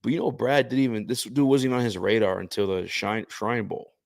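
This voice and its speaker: A man co-hosting a casual sports chat, animated and joking, quick to tease. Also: fairly low pitch, creaky. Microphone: remote stream setup.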